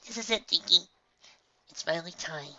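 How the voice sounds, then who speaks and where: A man's voice: on the high side, moderate pace, pushed and bright, muffled recording, a little hiss or hum, pitched above the performer's own voice. A man voicing a pegasus mother, reassuring and motherly. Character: warm encouraging pegasus mother.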